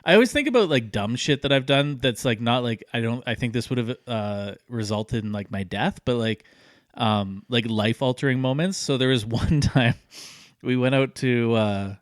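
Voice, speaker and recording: A man's voice: medium pitch, moderate pace, dry recording. Man, thirties, casual podcast storyteller, rambling with lots of fillers, dry close sound. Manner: rambling, many fillers, animated when telling stories. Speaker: podcast co-host.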